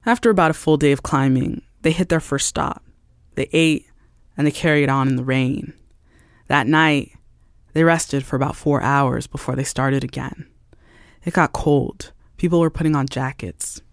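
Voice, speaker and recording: A man narrating a podcast story from a script, in a measured, plain way. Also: medium pitch, vocal fry, no room sound, clean studio sound. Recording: music underneath. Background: music.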